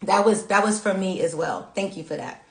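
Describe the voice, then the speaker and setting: A woman's voice: mid-range voice, lively intonation, moderate pace, reverberant. A woman giving a live tarot reading. She answers viewers' chat in an emotional, prayerful, chatty way. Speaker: tarot reader.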